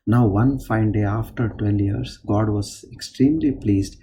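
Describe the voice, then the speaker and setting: Slow, mellow-voiced man giving a discourse. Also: fairly low pitch, slight background noise. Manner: unhurried, explanatory. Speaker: spiritual speaker. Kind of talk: spiritual discourse storytelling.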